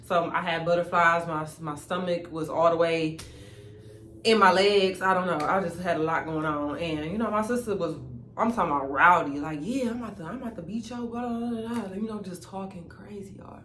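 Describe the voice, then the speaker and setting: A woman's voice: fairly low pitch, normal speed. Laughing young woman telling a story. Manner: animated, laughing, addresses viewers as y'all. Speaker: vlogger. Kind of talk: casual storytime. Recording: echoey room with faint ambient noise.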